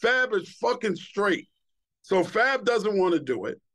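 A man's voice: high voice, measured pace. A middle-aged man, a podcast guest telling casual, profane stories and acting out the quotes. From Queens, New York. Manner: animated, profane, acts out quotes. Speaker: podcast guest, former TV host. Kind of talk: casual storytelling chat.

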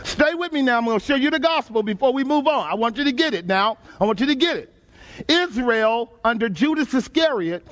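A man from Texas with a Texan accent, preaching a sermon to a congregation in a folksy, emphatic call-and-response style. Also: high voice. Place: church sanctuary before a congregation.

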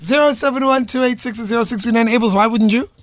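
A man hosting a radio talk show, quizzing his co-hosts in an animated, playful way. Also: very high voice, quick pace. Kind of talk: casual radio chat.

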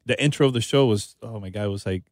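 A man, a podcast host, telling his story in a casual, relaxed way and often tossing in "man" and "you know.". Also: fairly low pitch, fast, no room sound, studio quality. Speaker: podcast host being interviewed.

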